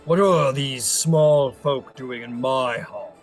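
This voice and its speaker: A man voicing a haughty male frost giant lord who talks slowly and scornfully. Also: medium pitch, faint music behind, voice pushed up, lightly acted. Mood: disdainful.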